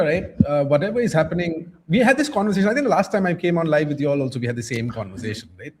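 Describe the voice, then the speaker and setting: A man appearing as a guest pundit over a video call, blunt and sarcastic, pausing often with fillers. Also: a little high, expressive, a little hiss or hum. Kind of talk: live cricket discussion.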